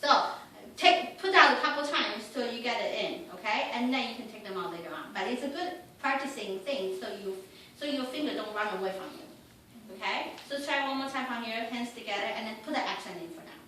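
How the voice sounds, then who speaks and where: A piano teacher with a fairly high voice, heard from a distance in a very echoey room with a piano playing. She coaches a student one-on-one, counting and singing rhythms on syllables and calling out short commands. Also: fairly quick, sharp tone, a little hiss or hum. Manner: encouraging, gives short commands while the student plays.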